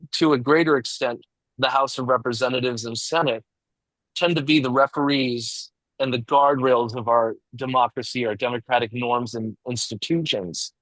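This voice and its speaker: A man leading a small discussion group, lecturing in a measured, reflective way with occasional restarts. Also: medium pitch, fairly bright tone, no room sound, poor audio.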